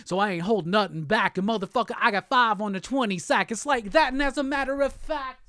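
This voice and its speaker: A middle-aged man hosting a casual live stream, excitedly rapping along to old songs and swearing as he chats. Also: very high voice, fairly quick, dry recording, studio quality. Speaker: host.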